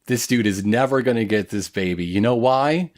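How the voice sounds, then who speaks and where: A man's voice: mid-range voice, normal speed, darkish tone. A man co-hosting a podcast, recapping an anime in casual chat with a joking, storytelling manner. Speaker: podcast co-host.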